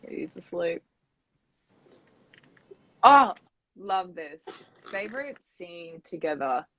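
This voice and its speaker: A woman's voice: fairly low pitch, very animated, slow, a bit bright, lo-fi sound. A young woman in casual chat on a phone livestream, talking enthusiastically and fondly. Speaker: actor in a live chat.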